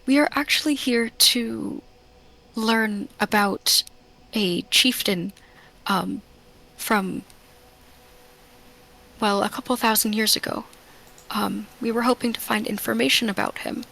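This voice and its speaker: A woman voicing Sonder, a gentle, polite young man who speaks softly and hesitantly in a tabletop game. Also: a little high, takes it slowly, creaky, long pauses, full character voice, low-quality recording.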